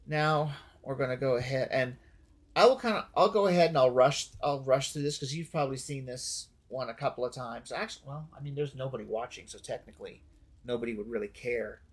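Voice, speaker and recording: A man streaming a game offers casual, rambling commentary, often restarting and correcting himself as he thinks aloud. His voice is slightly husky. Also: mid-range voice, a little fast.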